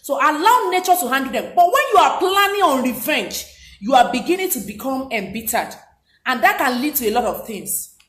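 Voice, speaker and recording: A woman's voice: high voice, big pitch swings, a little fast, fairly bright tone. A woman giving a motivational talk, speaking emphatically and repeating her key points. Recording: roomy echo.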